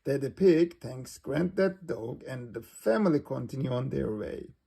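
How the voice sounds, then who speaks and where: Male storybook reader, slow and gravelly, a little husky. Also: mid-range voice, animated, mellow. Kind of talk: reading a children's storybook aloud.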